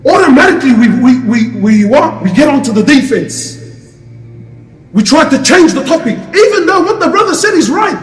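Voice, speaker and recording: A man's voice: very high voice, lively intonation, normal speed, faint music behind. A man preaching an Islamic lecture to a crowd, passionate and full of rhetorical questions. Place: lecture hall. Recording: echoey hall, distant mic.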